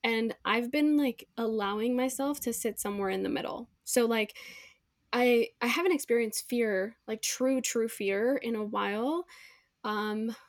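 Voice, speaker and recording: A woman hosting a podcast in casual chat, candid and expressive, swearing freely and acting out her own inner voice. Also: fairly high pitch, a little slow, no room sound, clean studio sound. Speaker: podcast host.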